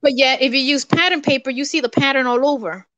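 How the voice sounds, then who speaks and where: A woman hosting a live craft stream, relaxed and easygoing, giving tips in casual chat. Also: high-pitched, fast talker, no room sound, muffled recording. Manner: relaxed, easygoing, repeats herself.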